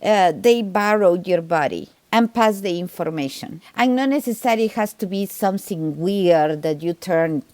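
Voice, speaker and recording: A woman with a foreign accent telling stories in a casual podcast chat. She talks in an animated way, with sudden pitch jumps and frequent laughs. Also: moderate pace, hardly any pauses, no echo. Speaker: medium and tarot reader, guest.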